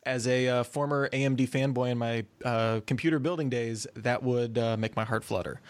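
A man hosting an interview podcast, asking questions casually and pausing often with fillers. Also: mid-range voice, fairly even intonation. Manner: hesitant, many fillers and restarts. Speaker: podcast host.

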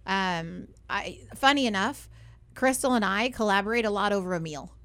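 Young woman, radio host, chatty, upbeat, studio talk, mid-pitched voice, frequent "right?". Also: normal speed, fairly bright tone.

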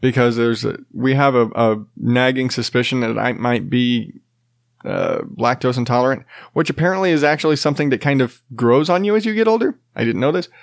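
A worn-out man in his thirties hosts a casual chat, his sentences wandering and breaking off as he laughs and swears offhandedly. His voice sits at an ordinary pitch for a man. It is recorded close on a mic in a dry, dead space. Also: brisk, no room sound. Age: 30s. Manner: rambling, self-interrupting, laughs often, swears casually. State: tired. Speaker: podcast host and father.

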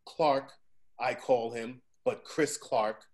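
A man's voice: medium pitch, animated, a little fast. A man in his forties hosting a casual chat, telling stories with frequent profanity and asking "right?" to keep his listener with him. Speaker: podcast host.

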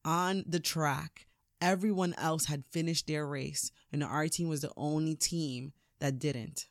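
A woman hosting a podcast, giving an energetic, preachy motivational talk and laughing often. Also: sits low, unhurried, no room sound, studio quality. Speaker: podcast host, motivational speaker.

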